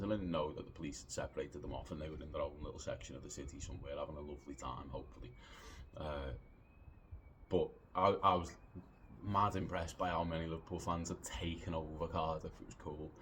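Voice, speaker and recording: A man in his late thirties casually telling a rambling anecdote, animated, swearing freely and filling pauses with lots of "uh"s. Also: very deep voice, slight background noise. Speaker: podcast storyteller.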